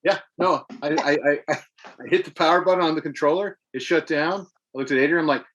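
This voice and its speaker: A man's voice: a little high, brisk, fairly bright tone, muffled recording. A man co-hosting a podcast, casually recounting game battles step by step and swearing freely. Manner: rambling play-by-play, profane. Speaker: podcast co-host. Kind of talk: casual gaming chat.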